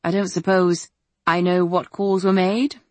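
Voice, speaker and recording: A woman voicing an eager male detective who asks brisk, direct questions. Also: on the low side, flat delivery, no echo, lightly acted.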